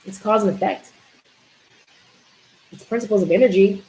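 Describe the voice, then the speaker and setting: Brief: woman presenter, emphatic and coaching, hammers points home with repetition and direct questions, pitch jumps up for emphasis. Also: normal speed, a little mellow, low-quality recording. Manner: emphatic, repeats key words, asks the audience questions. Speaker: wellness presenter. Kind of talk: live community talk.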